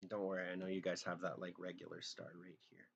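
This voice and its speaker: A man's voice: deep voice, completely flat delivery, fast, vocal fry, fairly bright tone, slightly rough, lo-fi sound. A young man chatting casually on a live drawing stream, rambling and joking, trailing off into half-remembered song lines.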